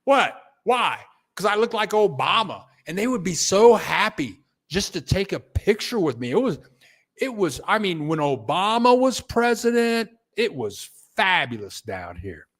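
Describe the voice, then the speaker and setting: An older man talks in a relaxed live-stream chat. His voice sits a little high, and he tells his stories at an unhurried pace with a very animated, swooping pitch. He stops now and then to read viewer comments aloud. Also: husky. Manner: storytelling, reads viewer comments aloud, chuckles. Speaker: vlogger.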